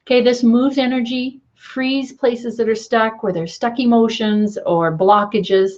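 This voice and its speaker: A middle-aged woman coach guiding a tapping lesson in a gentle, encouraging way, often checking in with "okay". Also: fairly high pitch, fairly even intonation, a little slow, highs cut off.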